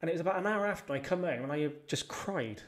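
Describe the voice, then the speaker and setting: A man's voice: fairly high pitch, lively intonation, fast. A man, a podcast guest telling personal stories in a casual chat, blunt and swearing freely.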